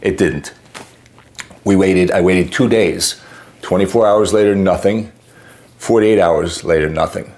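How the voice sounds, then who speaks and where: A man's voice: low-pitched, a little slow, long pauses. A man telling a story to the camera, casual and exasperated, acting out bits of the exchange as he goes. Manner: exasperated, animated retelling with acted quotes. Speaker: homeowner telling a customer-service story.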